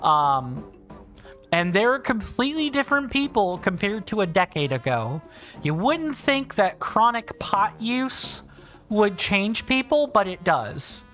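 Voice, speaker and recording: A man's voice: high-pitched, big pitch swings, slow pace, sharp tone, soft background music. A man chatting casually and rambling while livestreaming a video game, thinking aloud and restarting sentences. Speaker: streamer. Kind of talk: casual livestream chat over gameplay.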